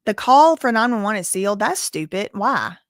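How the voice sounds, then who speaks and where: A woman hosting a stream, reading court transcript quotes aloud with animated exclamations. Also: medium pitch, moderate pace, no room sound, clean studio sound. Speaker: commentary host.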